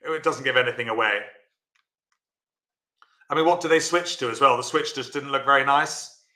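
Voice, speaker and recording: A man's voice: medium pitch, moderate pace, pushed and bright, reverberant. A man teaching a live-streamed bridge lesson, chatty and encouraging, answering viewers by name.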